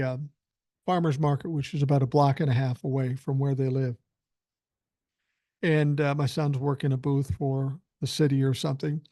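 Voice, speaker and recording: Chatty older guy hosting his podcast, rambly, lots of ums, voice a little high, close dry sound. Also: creaky, mellow, dry recording. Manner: rambling, chatty, with filler words. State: feeling unwell. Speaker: podcast host. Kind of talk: casual storytelling.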